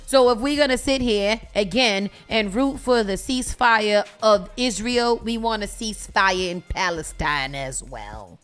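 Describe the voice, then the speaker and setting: A woman from the United States, hosting a morning radio show and reading news items with animated comments. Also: medium pitch, measured pace, hardly any pauses, soft background music. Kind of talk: casual morning-show chat.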